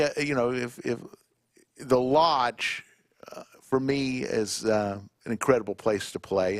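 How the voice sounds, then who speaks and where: A man hosting a live poker stream in a poker room, chatting casually and reading out viewer shout-outs one by one. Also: mid-range voice, no room sound, studio quality. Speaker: poker livestream commentator.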